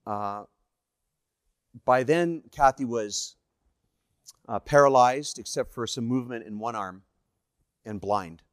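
A Canadian evangelist telling personal stories in a sermon, animated and acting out the voices of the people in them. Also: male voice, mid-range voice, slow, pauses often, dry recording, studio quality. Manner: animated, acts out dialogue in the stories. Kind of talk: sermon storytelling.

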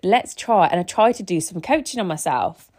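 A woman's voice: fairly low pitch, very animated, a little fast, darkish tone, slightly rough. A woman in her thirties hosting a casual solo podcast, a chatty, rambling storyteller who often restarts her sentences. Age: 30s. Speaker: podcast host.

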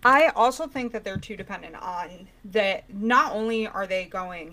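A woman in casual podcast chat, ranting with animated exasperation. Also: medium pitch, moderate pace, hardly any pauses.

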